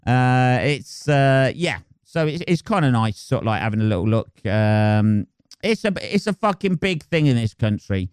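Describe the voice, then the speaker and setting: A man's voice: mid-range voice, big pitch swings, moderate pace, smooth, no room sound, studio quality. A young man hosting a podcast, rambling crudely and swearing in a casual comic monologue. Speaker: podcast host. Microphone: close podcast mic.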